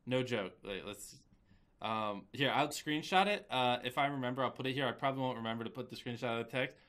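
A young man with a cold chatting casually as a video creator, repeating a chant and breaking off into sudden shouts and mumbled asides. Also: medium pitch, fairly quick. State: has a cold. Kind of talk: casual chat.

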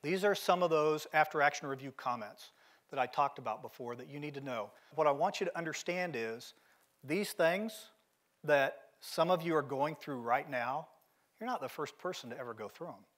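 A man's voice: on the high side, normal speed, a bit bright. A middle-aged man giving a motivational keynote at a seminar, telling stories in a direct, emphatic way. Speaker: keynote speaker. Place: seminar venue.

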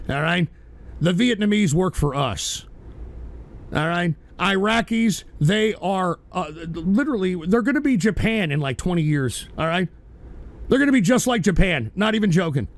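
A man hosting a live-streamed radio show, ranting angrily at his chat in an aggressive, profane, yelling manner. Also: sits high, vocal fry. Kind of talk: angry ranting monologue at chat.

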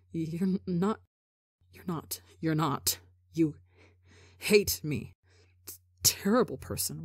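A woman voicing a broken, despairing young man who murmurs low and flat with self-loathing. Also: slightly rough, no echo, clean studio sound. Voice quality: low, hollow and quiet.

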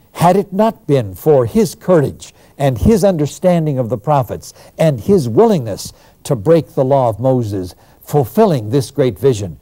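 A man giving a lecture on the New Testament, telling the story with animated emphasis. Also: medium pitch, dry recording.

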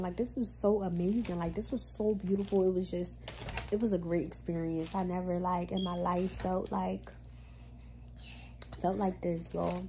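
A woman's voice: lowish voice, fairly even intonation, moderate pace, warm tone, slight background noise. A young woman talking casually to her camera in a vlog, rambling with lots of fillers, slightly sick with a cough. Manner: rambling, fillers like "like", addresses viewers as y'all. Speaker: vlogger.

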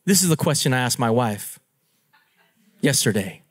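A man preaching as a pastor, telling stories in an animated, playful way and laughing at himself. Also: medium pitch, normal speed, slightly rough. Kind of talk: storytelling sermon.

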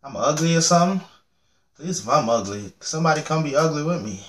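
A young man reacting to a music video, joking, swearing freely and getting loudly excited. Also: on the high side, fairly quick, background noise. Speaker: reaction channel host. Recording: echoey room with music playing. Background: music video playing loudly.

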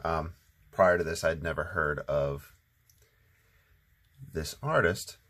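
Low-voiced man narrating a painting lesson. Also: slow. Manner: relaxed, rambling, many ums. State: sleepy, just waking up. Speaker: watercolor channel host. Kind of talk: casual painting tutorial narration.

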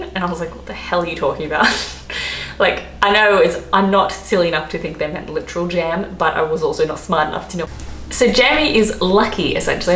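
A woman's voice: lowish voice, a bit bright. An Australian woman vlogger who chats in a rambling, giggly way as she explains slang. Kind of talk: casual explainer vlog. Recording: roomy echo, faint background noise.

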